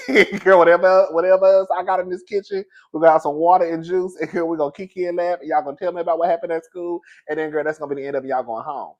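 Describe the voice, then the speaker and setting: A man casually telling a story to his viewers, animated, laughing often and calling them "girl". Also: high voice.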